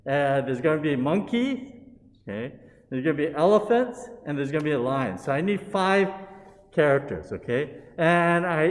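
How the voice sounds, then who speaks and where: A man's voice: on the high side, big-room sound. A man leading a Buddhist service, telling a story and handing out parts to participants on a video call. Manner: unhurried, coaxing storyteller who hands out parts.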